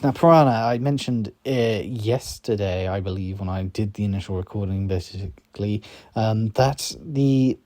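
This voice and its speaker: Low-voiced man, rambling commentary. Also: mellow, dry recording. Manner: rambling, many ums and restarts, enthusiastic. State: sleepy, yawning. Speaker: YouTube host ranking robots. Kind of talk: casual tier-list commentary.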